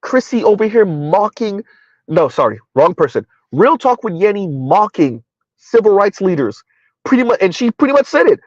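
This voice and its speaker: A man's voice: high-pitched, big pitch swings, moderate pace, no echo. A middle-aged man hosting casual live-stream commentary, rambling with lots of fillers and laughs. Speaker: commentary channel host. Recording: dull, lo-fi dry recording.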